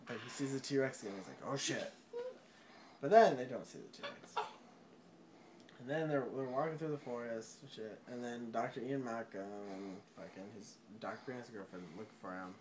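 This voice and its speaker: A drunk man rambling through a movie plot, swearing often, laughing and breaking into sudden loud outbursts. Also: mid-range voice, moderate pace, background noise. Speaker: storyteller.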